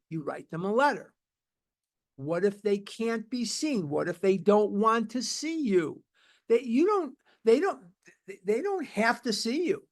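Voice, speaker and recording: Emphatic man leading a recovery study. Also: sits high. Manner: emphatic, repetitive, conversational. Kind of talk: informal teaching talk.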